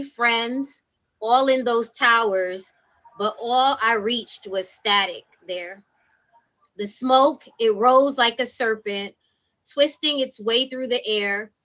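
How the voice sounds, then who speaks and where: A woman in her forties reading spoken word poetry on a livestream, soft-spoken and measured. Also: a little high. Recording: dull lo-fi livestream audio.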